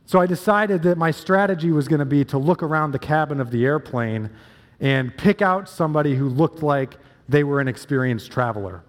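Male pastor, storytelling sermon, a bit high-voiced, long church reverb. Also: brisk. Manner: storytelling, emphatic with repeated phrases.

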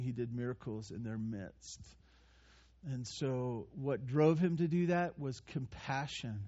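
A man preaching a sermon in a conversational, animated way, with playful asides and frequent restarts. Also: mid-range voice, muffled recording. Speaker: pastor.

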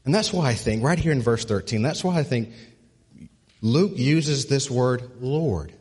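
Husky-voiced pastor preaching in a reverberant hall. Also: male voice, lively intonation, unhurried. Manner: repeats words while building to a point, drops low and soft on key phrases. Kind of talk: sermon.

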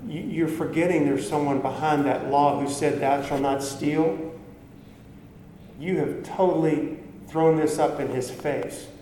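A man's voice: fairly high pitch, moderate pace, few pauses, mellow, a little hiss or hum. A man preaching a sermon in an earnest, conversational way, often restarting phrases and acting out quoted voices. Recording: echoey hall with faint ambience.

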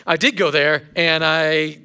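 A man's voice: a little high, steady tone, unhurried, vocal fry, sharp tone, smooth. A male pastor giving a sermon in a casual storytelling way, with self-deprecating humor.

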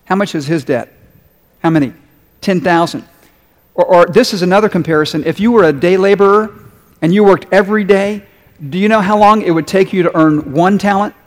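A man's voice: a little high, long reverb tail. A male pastor delivering a sermon, talking conversationally and asking his congregation questions as he reads and explains a story. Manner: conversational preaching with rhetorical questions.

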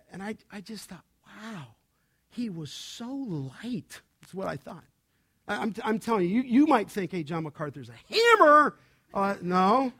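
High-voiced animated man preaching. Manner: animated, swings from soft to loud. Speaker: pastor. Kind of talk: sermon.

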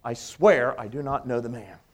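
A man's voice: mid-range voice, moderate pace, voice pushed down, close to an everyday voice. A male preacher voicing a frightened man who keeps denying he knows his friend. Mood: fearful denial. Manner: fearful, protesting.

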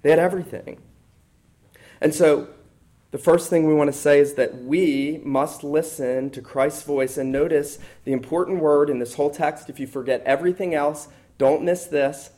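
A male pastor preaching a sermon, emphatic, repeating key words and swinging between loud stresses and quiet drops. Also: medium pitch.

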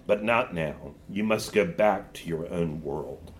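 A man reading aloud and voicing a great solemn male lion king who speaks quietly and tenderly. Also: low voice, unhurried, a little hiss or hum, voice pushed down. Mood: gentle.

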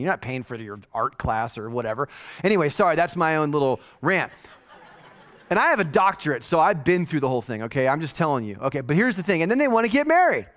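Man, 40s, pastor, high voice, very lively pitch, joking conversational sermon. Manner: animated and joking, with mock-quoted asides. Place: church.

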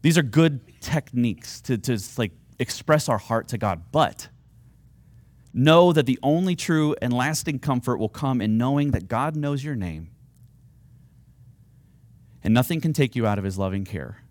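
A man's voice: mid-range voice, expressive, measured pace, no room sound. A man preaching a sermon, earnest and at times rising to fervent, pleading appeals. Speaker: pastor.

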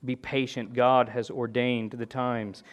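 A man's voice: mid-range voice, level tone, takes it slowly. Earnest man preaching a sermon. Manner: earnest, with rhetorical "right?" and frequent restarts. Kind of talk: expository sermon.

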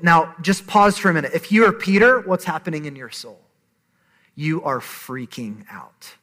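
A man's voice: fairly high pitch, expressive, normal speed, a bit bright. A man in his thirties preaching a sermon, conversational and emphatic. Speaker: pastor.

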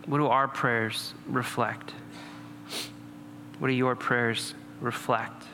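A man preaching a sermon in a relaxed, conversational way, with humorous asides to the congregation. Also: medium pitch, takes it slowly. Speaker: pastor. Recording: long hall reverb, faint noise.

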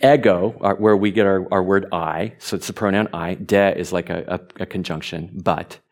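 A man preaching a sermon, animated, stumbling over repeated words and rising to emphatic peaks. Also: sits low, moderate pace. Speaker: pastor.

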